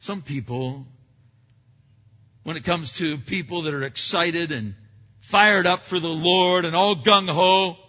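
A man preaching a sermon, swinging between loud emphatic lines and hushed asides. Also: on the high side, slow pace. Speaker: pastor. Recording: dull echoey hall recording.

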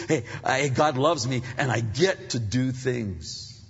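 An older man from Pennsylvania preaching a sermon as a pastor, talking conversationally and swinging between loud stretches and hushed ones. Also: medium pitch, expressive, unhurried, few pauses, breathy edge. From Pennsylvania, United States. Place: large church sanctuary. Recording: dull reverberant hall sound.

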